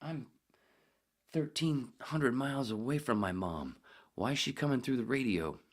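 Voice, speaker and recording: A man's voice: mid-range voice, expressive, moderate pace. A man hosting a casual solo podcast, rambling and swearing freely, muttering asides to himself. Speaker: podcast host.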